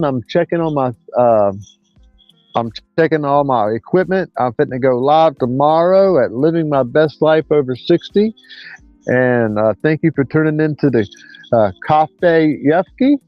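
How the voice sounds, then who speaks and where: A man, rambling through a casual livestream chat as host in a folksy, drawn-out way. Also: a little high, no room sound. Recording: dull lo-fi dry sound.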